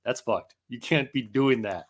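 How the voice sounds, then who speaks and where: Male co-host, mid pitch, excitable storyteller who cusses a lot. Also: unhurried, breathy edge. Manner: animated, profane storytelling. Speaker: podcast co-host. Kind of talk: casual chat.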